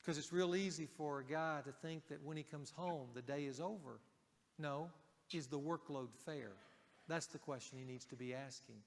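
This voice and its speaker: A male pastor preaching a sermon in a conversational way, raising his voice for emphasis and dropping it softly for key points. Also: on the high side, normal speed, vocal fry, in a large hall, a little hiss or hum.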